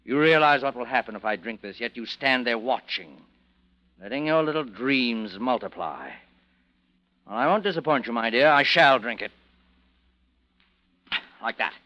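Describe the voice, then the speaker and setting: A bitter, mocking husband. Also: male voice, mid-range voice, lively intonation, normal speed, pauses often, sharp tone. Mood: sardonic. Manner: cold, mocking, theatrical. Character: bitter, sardonic husband taunting his unfaithful wife. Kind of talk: 1940s radio acting. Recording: dull old radio recording.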